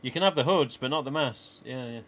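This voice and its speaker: Brisk and fairly bright, a medium-pitched male voice comes through with a little hiss or hum. He has an English East Midlands accent and is live streaming from a small home office, chatting rambly and casually with viewers and laughing often.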